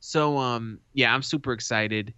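A man co-hosting a podcast, telling a story in a casual, animated way and swearing freely. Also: medium pitch, a little slow, clean tone, dry recording. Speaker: podcast co-host. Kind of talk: casual chat. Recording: dull lo-fi sound.

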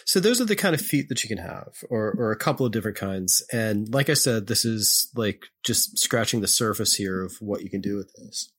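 A man hosting a podcast, casually explaining poetry in a halting way, often clearing his throat and correcting himself. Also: fairly low pitch, animated, a bit bright.

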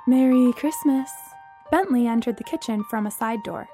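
A woman narrating a story aloud in an expressive, brisk way. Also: on the high side, music in the background.

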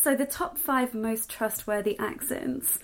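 A chatty woman co-hosting a podcast, speaking a soft modern RP English accent. Her voice sits a little high for a woman, and she laughs easily and pokes fun at herself. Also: steady tone, measured pace, vocal fry. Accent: modern received pronunciation, English. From southwest England. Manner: chatty, laughs often, self-deprecating. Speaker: podcast co-host. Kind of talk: casual chat.

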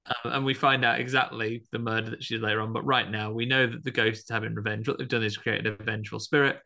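Gravelly, bright-voiced man recapping a film. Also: lowish voice, fairly even intonation, quick pace. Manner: chatty, acts out quoted lines with bursts of voices. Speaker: podcast co-host. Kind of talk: casual chat recapping a film.

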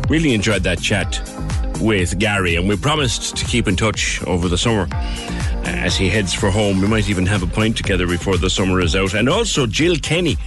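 A middle-aged man with a Cork accent hosting a radio phone-in, chatty and quick to laugh. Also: low voice. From Ireland. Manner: chatty, lively, laughs easily. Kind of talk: casual radio interview.

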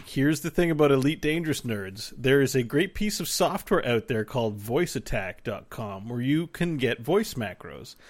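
A man's voice: medium pitch, expressive, moderate pace, few pauses. Male podcast co-host, casual gamer chat, rambling, swears freely.

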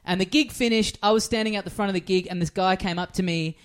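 A man's voice: high-pitched, fast, clean tone. A man with an Australian accent, co-hosting a comedy podcast and telling a long self-mocking anecdote full of "like" fillers. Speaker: podcast co-host. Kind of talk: casual comedic storytelling.

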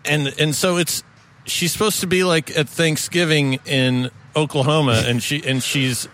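A man chatting casually in a bar, halting and stammering, with a sardonic, swearing edge. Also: fairly high pitch, steady tone, fairly bright tone. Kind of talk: casual chat.

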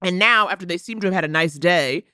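A woman's voice: lowish voice, fast, no room sound, studio quality. A woman co-hosting a casual film review, acting out characters' lines as she recaps. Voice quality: animated, acts out characters' lines. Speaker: podcast co-host.

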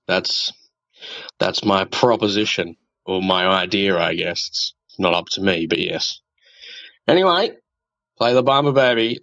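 A man leaving a casual voice message, swearing freely and pausing on fillers. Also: deep voice, a bit bright, no room sound. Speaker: caller. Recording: dull lo-fi phone message.

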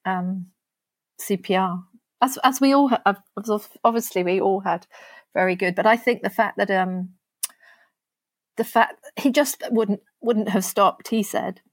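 A woman speaking as an interview guest, earnest and halting, often restarting her sentences. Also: mid-range voice, no room sound. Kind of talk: conversational interview.

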